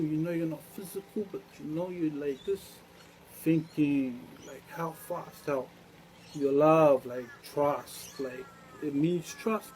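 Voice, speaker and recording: A man's voice: a little high, a little mellow, a little hiss or hum, rough recording. A man delivering a rambling monologue to camera, drifting through loose stream-of-consciousness musings.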